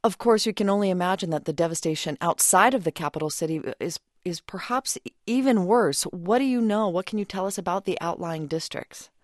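A woman news anchor with a fairly low voice reads the headlines and puts questions to a correspondent. Her delivery is measured and composed, recorded close and dry in a studio. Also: no room sound. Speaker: news host. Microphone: studio mic.

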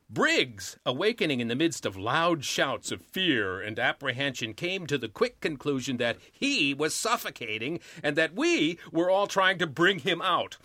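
Male actor narrating comedy, animated, bright and crisp in a dry room. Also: medium pitch, dry recording. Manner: lively animated storytelling. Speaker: actor reading a story. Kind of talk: expressive comic story narration.

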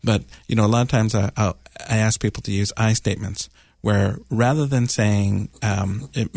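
A man hosting a radio advice show, explaining calmly at length with fillers and restarts. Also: fairly low pitch, normal speed, creaky, no echo, studio quality. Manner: calm, explanatory, rambling with fillers. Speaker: radio advice host, doctor.

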